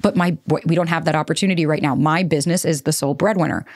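A woman's voice: low voice, fairly even intonation, fast talker, a little mellow, no room sound, studio quality. A woman, hosting a solo podcast and talking candidly, with frequent swearing and rambling asides. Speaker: podcast host.

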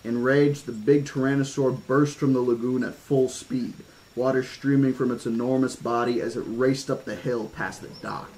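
A man's voice: mid-range voice, fairly even intonation, moderate pace, a little mellow, rough recording. A man reading a horror-themed novel aloud, stopping now and then for casual asides and restarts. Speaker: audiobook reader.

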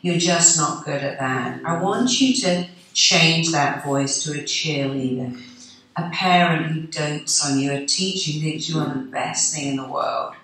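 A woman's voice: deep voice, a little slow, a bit bright. A woman giving an earnest, encouraging motivational talk, acting out the voices she quotes. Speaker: motivational speaker. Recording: echoey room, distant mic.

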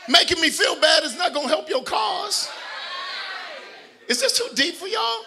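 A middle-aged pastor with a strikingly bright, piercing voice pitched high for a man, preaching in a church. He moves between shouted, nearly sung declarations and soft, joking asides to the people in front of him. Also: moderate pace, vocal fry, some chatter behind, slight background noise. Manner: animated preaching, swings from shouting to quiet asides, joking with the congregation. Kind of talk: sermon. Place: church sanctuary.

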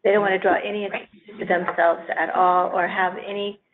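A woman's voice: mid-range voice, flat delivery, brisk. Woman, committee member; earnest, thinking aloud; phone-like echoey room audio with faint hiss. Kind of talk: meeting discussion.

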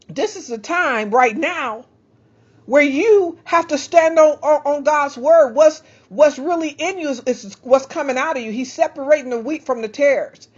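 A woman preaching a fervent sermon into a handheld microphone, breaking into praise and stumbling for words. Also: high-pitched. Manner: fervent, praising, halting at times. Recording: slightly dull lo-fi sound.

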